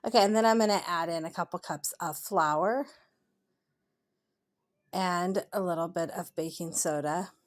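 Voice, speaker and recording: A woman's voice: lowish voice, unhurried, pauses often. A woman vlogger and mother talking through her day in a casual voiceover, chatty and rambling, earnest and encouraging. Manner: chatty, rambling, self-deprecating.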